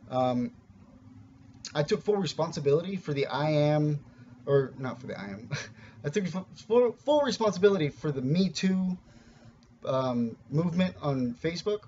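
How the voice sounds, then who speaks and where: Guy rambling about spiritual stuff, kinda high voice, swears a bit, muffled lo-fi audio. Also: darkish tone, slight background noise. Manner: rambling and earnest, with frequent restarts and casual swearing. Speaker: spiritual teacher. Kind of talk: casual spoken teaching.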